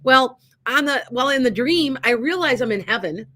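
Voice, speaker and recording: A woman's voice: high-pitched, moderate pace. A middle-aged woman, a medium hosting a radio show, telling a story casually and acting out the dialogue with many restarts. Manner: animated, acts out quoted dialogue, many restarts. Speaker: psychic medium and show host.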